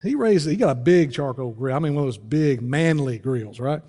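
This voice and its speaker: A pastor telling a story in a folksy, conversational sermon, with frequent restarts. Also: male voice, medium pitch, expressive, moderate pace, dark tone. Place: church sanctuary. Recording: long church reverb.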